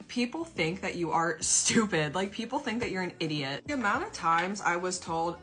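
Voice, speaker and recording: Sarcastic young woman, low voice. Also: lively intonation, normal speed, few pauses, a bit bright. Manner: sarcastic, exasperated, swearing. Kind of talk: storytime vent to camera.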